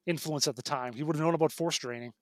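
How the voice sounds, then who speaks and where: Middle-aged male guest, speedy, self-correcting storyteller, slightly high voice. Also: fast, dry recording. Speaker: guest, game designer. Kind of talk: casual podcast conversation.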